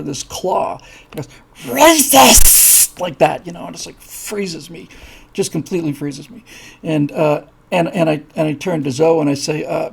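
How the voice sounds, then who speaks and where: A man hosting a live show, rambling through an animated story with lots of fillers and acted-out voices. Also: on the high side, gravelly, husky. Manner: rambling, many fillers, acts out voices in his stories. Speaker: host.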